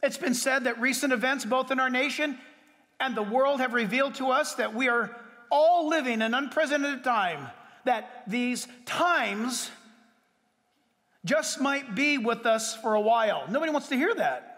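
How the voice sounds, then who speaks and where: A man delivers a sermon from the pulpit, his voice sitting very high. He preaches emphatically, jumping in pitch and stretching out words for weight. The sound carries a long reverb from the church hall. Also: expressive, measured pace, bright, forceful tone. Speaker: pastor. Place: church sanctuary.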